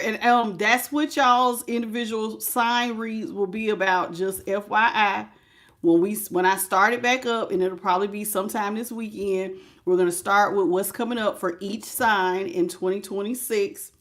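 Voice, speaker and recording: A middle-aged woman reading tarot on a livestream, chatting casually with viewers, greeting them by name and calling them baby. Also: medium pitch. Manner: prayerful invocation. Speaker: tarot reader.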